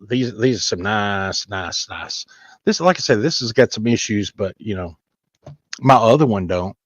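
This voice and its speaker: A man's voice: medium pitch, dry recording. Folksy male stream host, rambling and chatty, dry lo-fi sound. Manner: rambling, folksy, chats to viewers. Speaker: comic book collector hosting a live stream. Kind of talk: casual live-stream show-and-tell.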